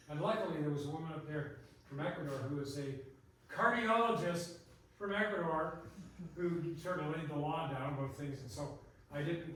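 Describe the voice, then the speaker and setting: Older man, rambling storyteller, fairly high voice, echoey hall, distant mic. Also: slight background noise. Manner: rambling, tangent-prone, laughing often. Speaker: guest speaker, botanist. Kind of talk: casual storytelling talk. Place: hall at a public talk.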